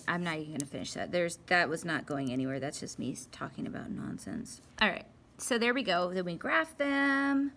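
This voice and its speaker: A woman's voice: mid-range voice, pushed and bright, slight background noise. A young woman giving a casual, chatty math lesson, talking to herself playfully as she works through graphing problems. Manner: chatty, playful, talks to herself while working. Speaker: math teacher.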